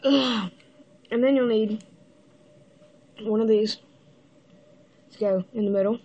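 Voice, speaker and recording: Woman, breathy voice, slow-paced, building tutorial, hiccups, halting delivery. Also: a little high, fairly even intonation, mellow, lo-fi sound. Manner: halting, pauses mid-step to show pieces. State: has the hiccups. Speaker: toy builder giving instructions. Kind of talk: casual step-by-step building tutorial.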